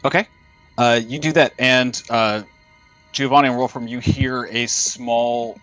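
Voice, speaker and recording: A man narrating as dungeon master in a tabletop game, halting and full of fillers. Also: medium pitch, steady tone, a bit bright, soft background music.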